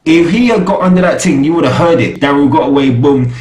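A man's voice: a little high, fairly quick, a little mellow. A young man giving a casual, slangy TV episode review, often asking "you get me?". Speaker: TV show reviewer. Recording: echoey room.

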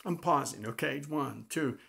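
A man hosting a comedy show, telling jokes in a punchy, animated monologue. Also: medium pitch, a little slow, creaky. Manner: animated, punchy joke delivery.

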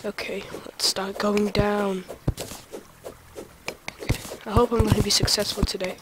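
A young adult gamer giving let's play commentary, excitable and talking to themself while playing. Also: mid-range voice, measured pace, very noisy. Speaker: gaming video creator.

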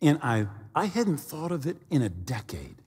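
Middle-aged male pastor, husky and lively, animated storyteller, long hall reverb. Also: on the high side, normal speed. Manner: animated storyteller with sound effects and acted quotes. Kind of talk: sermon storytelling.

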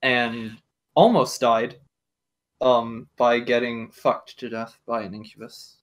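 A man's voice: medium pitch, level tone, slow. A man joking around while playing a tabletop game. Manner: joking, teasing. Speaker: player. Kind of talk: casual tabletop game chat.

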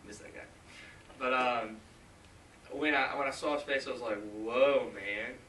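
A man in his twenties preaching a sermon and telling a personal story, earnest and halting, with many restarts and asides. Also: medium pitch, fairly even intonation, bright, forceful tone, reverberant, recorded from a distance, a little hiss or hum, rough recording. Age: 20s. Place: large church hall.

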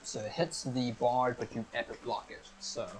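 A man's voice: mid-range voice, level tone, slight background noise, low-quality recording. Man explaining game rules step by step. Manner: explains each rule step by step, brisk and upbeat. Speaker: game master. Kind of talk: explaining a tabletop game on a live stream.

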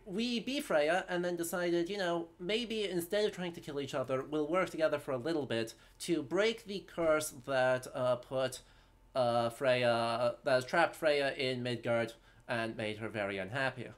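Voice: mid-range voice, a little slow. Upbeat, chatty stream co-host. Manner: chatty, upbeat, plugs the channel, recaps the story. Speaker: co-host of a history gaming stream. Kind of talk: casual live-stream chat.

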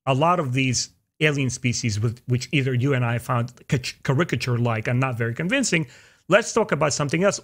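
A man hosting a podcast, chatting casually and opinionatedly, his pitch jumping up for emphasis. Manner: opinionated, animated, jumps into high pitch for emphasis. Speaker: podcast host. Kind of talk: casual chat.

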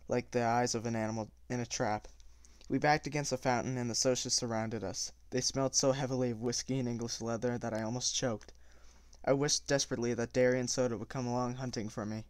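A man reading a novel aloud at a steady pace, with small slips and self-corrections. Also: mid-range voice, brisk, clear, resonant tone, no room sound. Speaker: audiobook reader.

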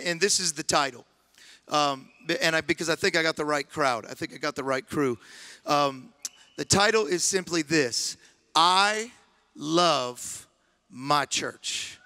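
High, bright-voiced preaching man. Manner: builds to impassioned shouting, repeats phrases. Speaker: guest pastor. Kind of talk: sermon. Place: church sanctuary.

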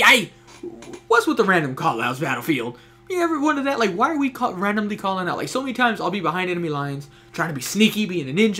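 A man's voice: high-pitched, fairly bright tone. A young man giving casual, chatty commentary while playing a shooter game, talking to teammates and viewers. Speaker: gameplay streamer. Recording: faint game gunfire behind.

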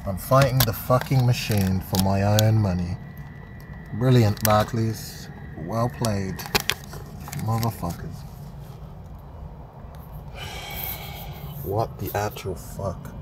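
A man's voice: lowish voice, takes it slowly. A man with an English accent ranting and swearing in disbelief at a cash machine in a town square, laughing at it. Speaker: vlogger. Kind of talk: exasperated vlog rant. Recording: street noise behind phone recording.

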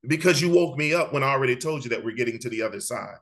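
A stern, authoritative teacher figure, as a preacher puts him on, speaking far deeper than the preacher's own voice. The rebuke comes slow and weighty, with a bright edge still in the tone. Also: male voice, lively intonation. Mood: rebuking.

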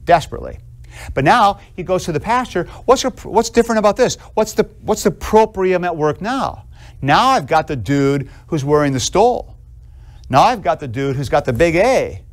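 A slightly high-voiced man, a theology professor, gives a classroom lecture. He's animated and conversational, asking students questions and acting out little scenes.

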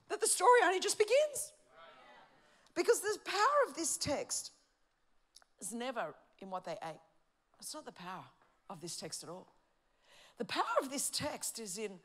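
A woman pastor delivering a sermon with passion, her voice running high. She moves between loud declarations and hushed, pointed emphasis. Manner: passionate, shifting between shouting and quiet emphasis.

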